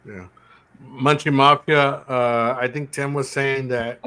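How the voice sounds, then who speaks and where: Bright, laid-back man in a chat. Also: medium pitch, steady tone, slow pace, clean tone. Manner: laid-back, hesitant, says "man" a lot. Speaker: guest in a live chat. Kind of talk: casual chat.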